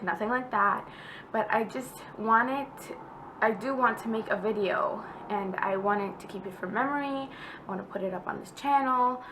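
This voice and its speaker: A woman's voice: mid-range voice, a bit bright, a little hiss or hum, poor audio. Chatty young woman vlogging. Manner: chatty and heartfelt, with many fillers. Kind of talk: casual pregnancy vlog update.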